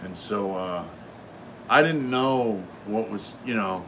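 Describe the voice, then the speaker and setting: A man's voice: fairly low pitch, slow pace, sharp tone, slight background noise. A middle-aged man hosting a live stream, telling a long story casually with lots of fillers and swearing. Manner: rambling, profane, many fillers.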